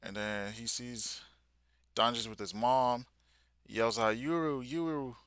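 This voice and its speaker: A young man hosting a live manga reaction, reading aloud and reacting in excited, slangy casual talk. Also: lowish voice, slow pace, clear, resonant tone, dry recording. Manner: excited, slangy, talks along while reading.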